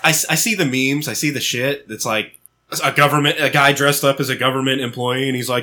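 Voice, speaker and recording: A man's voice: medium pitch, fairly even intonation, fast, sharp tone. A man chatting on a podcast, rambling through stories with lots of like. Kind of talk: casual podcast banter.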